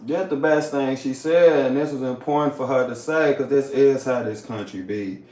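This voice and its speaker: A man's voice: mid-range voice, normal speed, a little mellow, roomy sound. A man hosting a livestream, reacting in loose, casual talk that is full of swearing. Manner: loose, swearing, drawling commentary. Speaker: livestream host.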